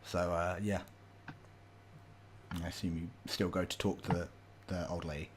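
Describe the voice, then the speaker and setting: A man narrating as game master of a tabletop game, halting with many fillers. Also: low-pitched, little pitch movement, a little hiss or hum.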